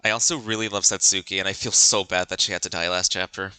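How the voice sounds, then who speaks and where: A man giving chatty, animated commentary while playing a game, close to the mic. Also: low voice, fast talker, clean tone, no room sound, poor audio. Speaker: streamer. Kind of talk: let's play commentary.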